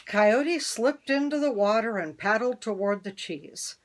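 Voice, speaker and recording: A woman reading a children's picture book aloud in an expressive, storytelling way. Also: fairly high pitch. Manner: expressive, slow read-aloud.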